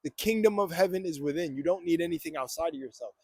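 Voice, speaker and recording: A man's voice: fairly high pitch, quick pace, dark tone, husky, no echo. A young man giving a fired-up morning motivational monologue on spirituality, preachy and swearing freely.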